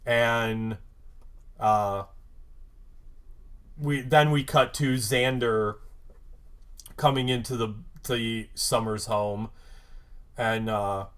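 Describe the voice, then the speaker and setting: A male podcast host recapping an episode at an unhurried, drawn-out pace. His delivery rambles, padded with "like" and "um", and turns emphatic when something bothers him. The pitch sits at an ordinary middle level. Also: steady tone, a bit bright, clean tone. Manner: rambling, lots of "like" and "um"; gets worked up and emphatic.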